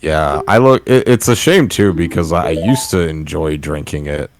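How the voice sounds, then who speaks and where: A man's voice: very deep voice, normal speed. A young man in casual chat as a stream co-host, joking and self-deprecating, laughing often.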